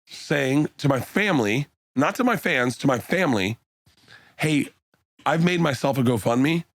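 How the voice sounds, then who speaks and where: A man's voice: expressive, a little slow, dry recording. Profane storytelling man, dry studio sound. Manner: profane storytelling, acts out friends' lines in a high voice. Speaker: podcast guest. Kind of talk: casual podcast chat.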